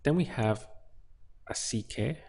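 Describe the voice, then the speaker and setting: A man gives a relaxed, slow Spanish lesson, explaining every word of each translation. His medium-pitched voice is husky and a little mellow, with vocal fry.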